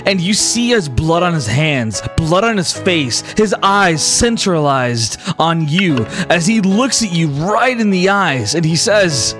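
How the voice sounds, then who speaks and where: A high-voiced man runs a tabletop game, narrating the scene and stumbling through lots of "like" fillers. Faint music plays in the background. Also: very animated, measured pace, hardly any pauses, fairly bright tone. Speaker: game master.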